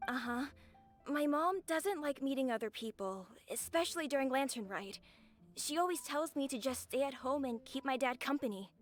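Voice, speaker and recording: A woman's voice: high-pitched, lively intonation, normal speed, soft background music. A woman voicing a polite, earnest young boy in a video game.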